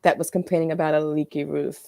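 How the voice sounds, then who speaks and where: A woman's voice: low voice, level tone, quick pace, dark tone. A woman hosting a podcast, prompting her guest and affirming her with frequent murmurs. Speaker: podcast host. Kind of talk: supportive interviewing.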